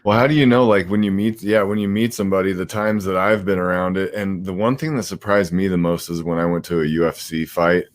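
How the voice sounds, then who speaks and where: Chill podcast host guy, lowish voice, rambles a bit with lots of likes and you knows. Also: steady tone, a little fast, few pauses, no room sound. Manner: laid-back, rambling, many fillers. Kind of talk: casual podcast chat.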